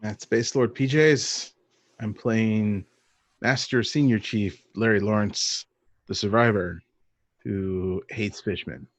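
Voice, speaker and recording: A man's voice: lowish voice, steady tone, slow, dry recording. A man player in a tabletop game, joking and bantering casually. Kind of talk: casual chat.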